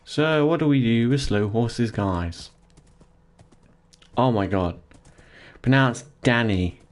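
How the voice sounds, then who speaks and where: A man's voice: mid-range voice, slow. A young man chatting casually and jokingly to his live-stream chat while gaming, rambling and laughing often, in his home office.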